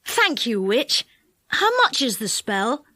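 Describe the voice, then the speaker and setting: An eager, excitable boy, read by a woman, his voice pitched fairly high and bright with wonder. Recorded close and dry, with no room sound. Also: slow, no room sound, full character voice. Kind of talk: storybook reading.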